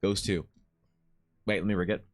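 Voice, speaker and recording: A man's voice: low-pitched, moderate pace. A man in his thirties from Canada, rambling and swearing casually while chatting live with his stream viewers. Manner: rambling, profane, animated asides.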